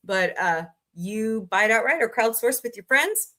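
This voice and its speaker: A woman hosting a casual livestream, greeting viewers by name and listing her channels, tired and low on energy today. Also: expressive, moderate pace, sharp tone. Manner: chatty, greets viewers by name, rattles off lists. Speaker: livestream host.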